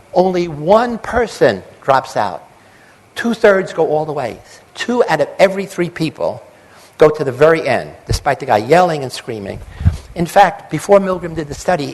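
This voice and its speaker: A man's voice: on the high side, rough recording. An older man, a psychologist, giving a public lecture with emphatic lists and acted-out quotes.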